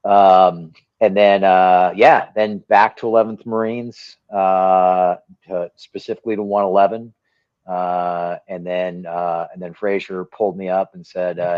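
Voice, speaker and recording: A man, a retired Marine officer, talking casually in a rambling, halting way with many restarts. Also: low-pitched, flat delivery, clear, resonant tone, no echo, highs cut off. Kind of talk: casual conversation.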